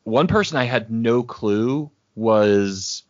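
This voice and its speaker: A man's voice: medium pitch, slow pace, dry recording. A man co-hosting a podcast, telling rambling stories with many fillers in casual chat. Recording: dry, dull lo-fi sound.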